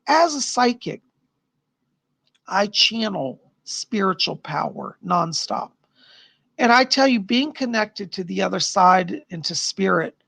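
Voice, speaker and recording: A tired middle-aged man with a raspy, worn voice, chatting upbeat with viewers as a psychic livestream host. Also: sits high, a bit bright, no room sound. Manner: chatty, upbeat, answers chat questions. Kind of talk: casual live-stream chat.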